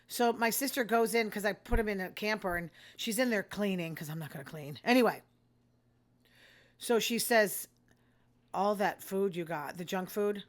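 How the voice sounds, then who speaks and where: An older woman talks through a casual monologue, blunt and self-deprecating. She wanders from one thought to the next. Her voice has a bright, forceful edge. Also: on the high side. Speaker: host.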